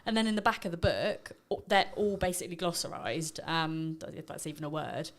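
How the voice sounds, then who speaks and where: Lively, sweary woman chatting on a podcast. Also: deep voice, brisk. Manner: animated, laughing, sweary. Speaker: podcast guest, author and business coach. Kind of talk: casual interview chat.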